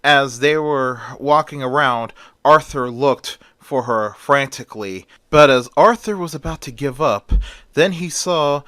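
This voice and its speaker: A man's voice: mid-range voice, measured pace, pushed and bright, clear, resonant tone, no room sound, clean studio sound. A man retelling a story in a plain casual way, with small slips and fillers.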